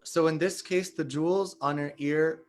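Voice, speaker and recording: A man giving a devotional satsang talk, retelling a sacred story in a measured, explanatory way and stressing the holy names. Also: on the high side, fairly even intonation, faint music behind. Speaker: satsang speaker.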